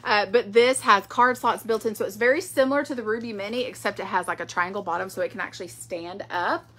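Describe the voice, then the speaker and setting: A woman's voice: medium pitch, quick pace, a bit bright. A woman, chatting casually in a product vlog, rambling with fillers. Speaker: direct sales director.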